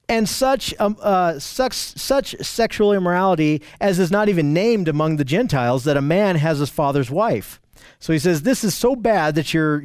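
Earnest high-voiced male preacher. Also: a little mellow, no room sound. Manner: earnest and emphatic, with frequent restarts; reads scripture passages aloud, then explains them. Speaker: preacher teaching a Bible study. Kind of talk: expository sermon.

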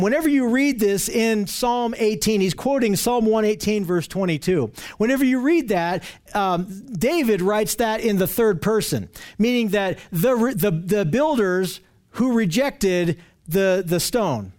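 A man with a high voice delivers a sermon. He presses his points hard, repeating key phrases and restarting sentences as he goes. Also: lively intonation, a little slow, a little mellow. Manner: emphatic, repetitive preaching with frequent restarts. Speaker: preacher.

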